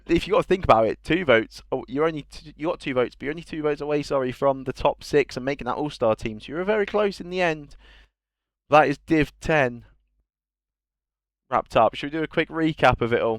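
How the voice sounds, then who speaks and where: Man, esports league host, casual stream banter, smooth clear voice, dry close sound. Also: fairly low pitch, dry recording. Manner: chatty, banter-filled, reading out names. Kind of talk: casual livestream awards presentation.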